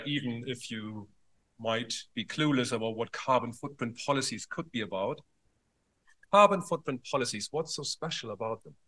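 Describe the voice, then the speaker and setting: A man's voice: mid-range voice, bright, forceful tone. A man opening a conference with a focus talk, wry and lightly humorous. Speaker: conference organizer.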